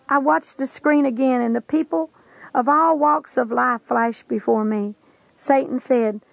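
Gravelly earnest woman preacher. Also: high voice, a little slow, dry recording, poor audio. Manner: solemn, earnest storytelling with old-fashioned scriptural wording. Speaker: preacher recounting a vision. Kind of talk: testimony sermon.

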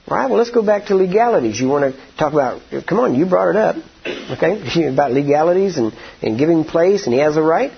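A husky, breathy-voiced man preaching with folksy storytelling that builds to forceful declarations. The recording sounds dull and lo-fi. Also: a little high, sing-song. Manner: folksy, drawn-out storytelling, rising to emphatic declarations. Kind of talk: sermon with storytelling.

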